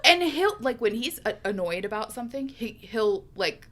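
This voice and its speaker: A young woman with a bright, clear voice recaps a novel on a podcast with friends. She talks in animated bursts, laughing a lot and swearing casually. Her tone is loose and chatty. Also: a little high, unhurried. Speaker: podcast co-host.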